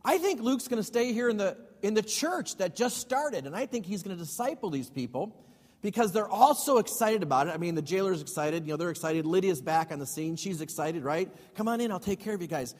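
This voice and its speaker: A man's voice: sits high, animated, fairly quick, a little mellow. A male pastor teaching a Bible study sermon. He reads scripture aloud and then explains it in casual asides with questions to the congregation. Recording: long hall reverb.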